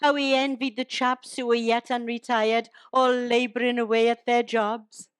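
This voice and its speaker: A woman's voice: a little high, level tone, normal speed, smooth, no echo. An older woman, reciting humorous poems and jokes to a live audience and teasing them along the way. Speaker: comic performer.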